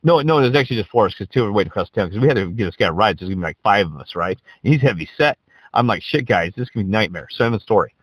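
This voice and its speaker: A man's voice: on the low side, animated, rapid-fire, slightly rough, no room sound, poor audio. A man telling a rambling, profane anecdote in a casual way, often checking in with "right?". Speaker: storyteller.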